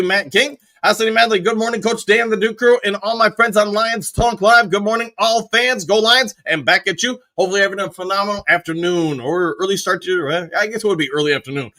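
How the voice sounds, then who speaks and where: Man, host of a live stream, high and bright, quick upbeat chat shout-outs. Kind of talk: casual live chat reading.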